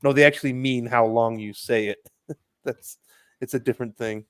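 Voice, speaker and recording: A man's voice: medium pitch, steady tone, moderate pace, fairly bright tone, clean tone. A man in casual podcast chat, explaining things and hedging with lots of "like". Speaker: podcast co-host.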